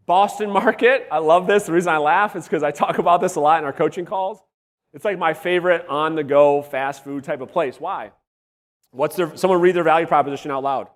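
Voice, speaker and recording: A man coaching real estate agents at a live workshop, energetic and blunt, swearing and quizzing the audience, his voice wearing out. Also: high voice, moderate pace. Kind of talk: live workshop teaching to a room. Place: large room with live audience. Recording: long hall reverb.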